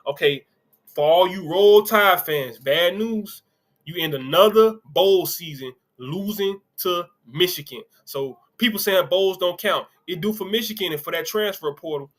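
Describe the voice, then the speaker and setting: A man hosts a casual sports stream, chatting freely and tossing in side comments. His voice sits a little high and rings bright and forward. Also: a little slow. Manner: loose, conversational, reads comments aloud with asides. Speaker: sports show host.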